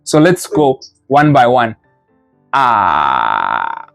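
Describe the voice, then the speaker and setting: With lively intonation at a measured pace, a mid-range voice leads a live Mandarin group lesson against soft background music. The teacher models sounds, patiently corrects students, and explains with playful imagery.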